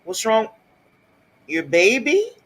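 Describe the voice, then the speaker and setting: Man, slightly high voice, casual live stream chat, responsive, asks questions. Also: huge pitch swings, takes it slowly, a bit bright, slightly rough, low-quality recording. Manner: reacting to the chat, asking questions.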